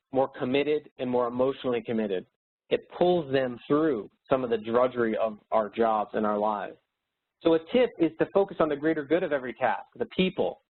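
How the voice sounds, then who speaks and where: Male webinar speaker, mid-pitched, earnest upbeat coaching delivery; narrow lo-fi audio. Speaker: speaker and educator. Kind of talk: motivational webinar presentation. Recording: tinny phone-like webinar audio.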